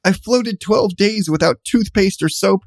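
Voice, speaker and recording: High gravelly man reading rhymes. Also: a little slow, no echo. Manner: bouncy rhyming read-aloud cadence. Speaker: storyteller. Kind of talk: reading a rhyming storybook aloud.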